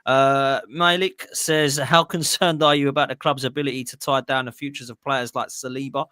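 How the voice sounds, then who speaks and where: A man's voice: medium pitch, fairly even intonation, bright, forceful tone, clean tone, no echo. Brash male host, dry close sound, opinionated football chat. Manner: brash, opinionated, rapid-fire. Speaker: show host reading viewer messages. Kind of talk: casual livestream football chat.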